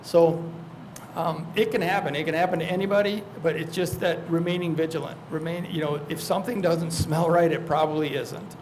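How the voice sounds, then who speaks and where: A man, a county attorney on a community panel, telling lively anecdotes and acting out scam phone calls. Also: a little high, a little fast. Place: church hall. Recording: noisy hall recording.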